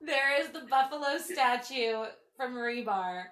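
A woman in her thirties hosting a podcast, telling stories in a casual, animated way, swearing freely and saying "like" a lot. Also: sits high, unhurried. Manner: animated, swearing, full of "like" fillers. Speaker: podcast host. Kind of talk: casual storytelling chat. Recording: roomy echo.

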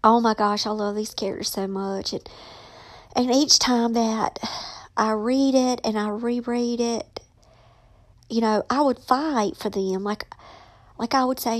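A woman's voice: a little high, fairly even intonation, a little slow, pauses often. A middle-aged woman author, talking casually and emotionally, sometimes tearful and dropping to a whisper. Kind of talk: casual personal vlog.

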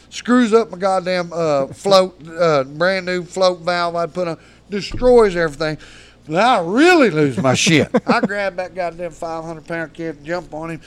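A man, a podcast guest telling rowdy, profane stories and laughing as he goes. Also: on the high side. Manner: profane, laughs mid-story. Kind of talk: rowdy storytelling.

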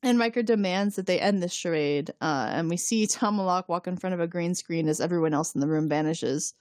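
Animated woman recapping an episode, dry room. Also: lowish voice, fairly quick, no room sound. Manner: animated retelling, acts out lines with laughs. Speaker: podcast co-host. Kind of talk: casual chat recapping a TV episode.

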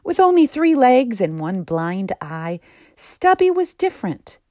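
A woman host narrating a children's story in an expressive storytelling manner. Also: fairly high pitch, unhurried, no room sound, clean studio sound.

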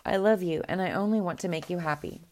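A woman voicing a fond, gentle young princess in a storybook reading, speaking softly and affectionately. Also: lowish voice, quick pace, lightly acted.

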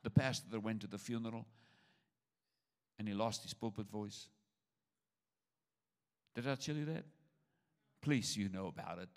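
A man's voice: fairly low pitch, unhurried, long pauses. An older man preaching a sermon to his church, humorous and repetitive, with stammered restarts. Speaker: pastor.

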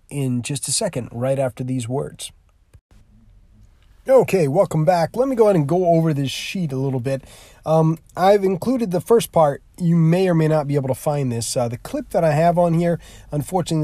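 A man's voice: mid-range voice, warm tone, dry recording. Rambling man explaining a class activity. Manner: rambling, many fillers and restarts. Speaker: teacher.

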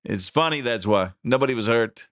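A male talk radio host at a middle pitch, rambling casually through his stories with folksy asides and frequent chuckles. His voice sits close on a studio mic with a dry, dead sound. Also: expressive, normal speed, fairly bright tone, clear, resonant tone, no echo.

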